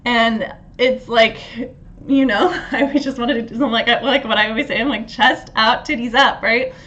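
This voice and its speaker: A woman hosting a casual astrology talk, animated, laughing often and swearing freely. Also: fairly high pitch, brisk, lo-fi sound. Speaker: astrology host.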